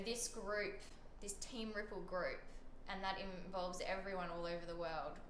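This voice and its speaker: An Australian woman telling her story as an interview guest, lively, acting out the messages she quotes. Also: mid-range voice, echoey room, a little hiss or hum. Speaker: guest, suicide prevention advocate.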